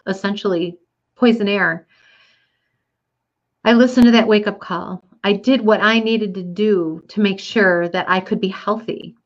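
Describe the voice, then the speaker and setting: A woman's voice: medium pitch, fairly bright tone, highs cut off. Earnest woman telling a personal story. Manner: earnest, reflective, with fillers. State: getting teary.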